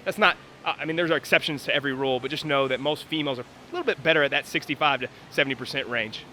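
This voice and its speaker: A man's voice: medium pitch, very fast, bright, forceful tone, slight background noise. A man coaching and commenting live on a workout in a gym, explaining technique and calling out times.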